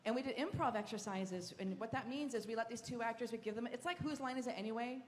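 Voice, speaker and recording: A woman moderating a live convention panel, effusive and quick, often restarting her sentences. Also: on the high side, background noise. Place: large convention hall stage. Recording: reverberant hall with crowd ambience.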